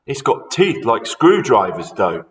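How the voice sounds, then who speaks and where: A man voicing a mean, scheming old husband from a children's story, loud and teasing. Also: mid-range voice, big pitch swings, a little slow, recorded from a distance, heavy background noise. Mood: mocking.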